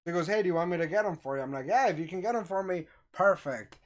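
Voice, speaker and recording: Animated man telling a story. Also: high voice, fast talker. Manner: animated, acts out quoted voices. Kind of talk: casual storytelling.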